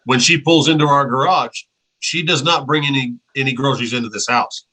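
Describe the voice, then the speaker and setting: A man with a bright, forceful voice co-hosts a relaxed podcast chat. He talks earnestly and rambles, often doubling back on his words as he thinks. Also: medium pitch, brisk, poor audio. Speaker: podcast co-host. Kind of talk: casual podcast interview.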